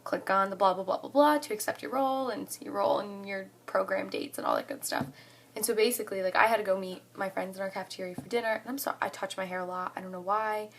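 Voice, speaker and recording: A young woman in her twenties telling a story to the camera in a casual vlog, excited and chatty, saying "like" often. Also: mid-range voice, quick pace. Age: 20s. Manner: excited and chatty, heavy use of "like". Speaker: college student vlogger.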